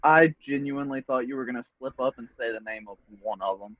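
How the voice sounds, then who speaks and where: A man's voice: medium pitch, fairly quick, no echo, muffled recording. A man playing in a tabletop game, teasing the game master. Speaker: player. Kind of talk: casual game chat.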